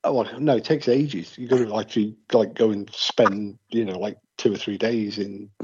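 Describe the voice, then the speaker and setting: A man's voice: lowish voice, fairly even intonation, normal speed, darkish tone, husky. An English man with an English accent, chatting casually and telling jokey, rambling stories. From England. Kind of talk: casual chat. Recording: muffled lo-fi recording.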